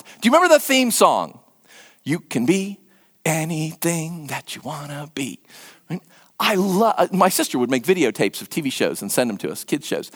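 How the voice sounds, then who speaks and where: A middle-aged preacher giving a conversational sermon, animated, full of rhetorical questions and wry humor. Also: medium pitch. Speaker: preacher teaching from scripture.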